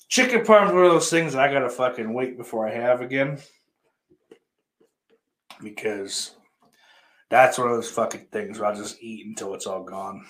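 A man hosting a livestream who chats casually with viewers, crude and profane, rambling and then breaking into sudden loud greetings. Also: mid-range voice, lively intonation, a little slow, pauses often. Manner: crude and profane, talks to chat. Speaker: livestream host.

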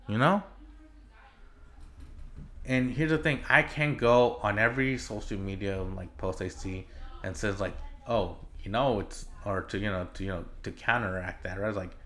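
A man's voice: lowish voice, measured pace, long pauses, sharp tone. A man hosting a solo podcast, ranting in a casual, exasperated way, swearing often and rambling with fillers and restarts. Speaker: podcast host.

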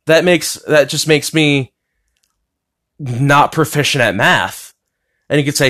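A man's voice: mid-range voice, measured pace, fairly bright tone. Young man rambling on a solo podcast. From United States. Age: young adult. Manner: casual, swears, lots of fillers and restarts. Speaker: podcast host. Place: his bedroom.

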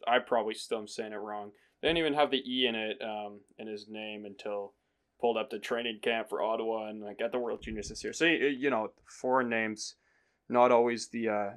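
A man hosting a podcast, talking loosely and joking, with fillers and the odd swear. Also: on the low side. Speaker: podcast host. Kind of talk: casual sports chat.

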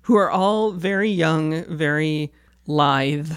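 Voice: mid-range voice, slow, clear, resonant tone. A podcast co-host riffing wryly about a movie in casual chat. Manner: wry, joking.

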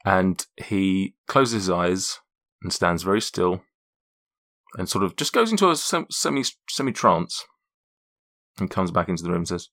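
A man's voice: low-pitched, animated, unhurried, a bit bright. A man narrating as dungeon master in a tabletop game, often laughing.

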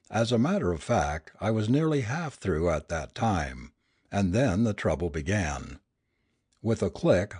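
A man reads a ghost story aloud with a low, slightly husky voice. His intonation rises and falls expressively as he paces the tale. The recording is close and dry, with no room sound. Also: no room sound. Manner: measured storytelling with expressive swings. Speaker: audiobook reader.

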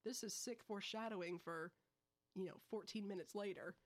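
A woman's voice: mid-range voice, a little fast. A young adult woman hosting a podcast, recapping a movie in breezy, casual chat with slangy asides. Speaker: podcast host. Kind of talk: casual film review chat.

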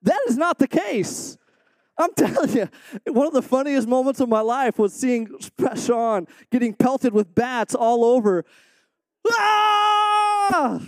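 Man, missionary guest preacher, high voice, dry close sound, earnest and animated storytelling. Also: a little slow, no room sound. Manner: earnest, animated storyteller who acts out quotes. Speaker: missionary speaking to a supporting church. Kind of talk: sermon with a personal story.

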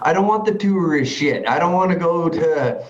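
A man's voice: on the high side, lively intonation, moderate pace. Man, Canadian accent, podcast guest, laid-back, swears a lot, roomy echo, muffled lo-fi sound. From Canada (southern Alberta). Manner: laid-back, profane storytelling. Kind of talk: casual chat.

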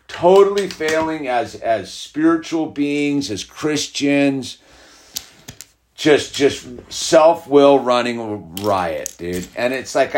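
A middle-aged man hosting a podcast, talking in a rambling, heated, casual way, full of "like" and "dude". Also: mid-range voice. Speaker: podcast host. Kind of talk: casual spiritual monologue.

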